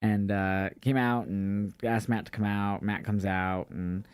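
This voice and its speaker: A man co-hosting a wrestling podcast, recapping shows in casual chat with animated storytelling, swearing often and acting out quotes. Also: lowish voice, a little slow, clear, resonant tone, dry recording.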